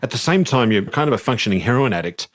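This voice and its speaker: A man's voice: medium pitch, lively intonation, quick pace, no echo, clean studio sound. A man hosting a podcast interview, asking probing follow-up questions.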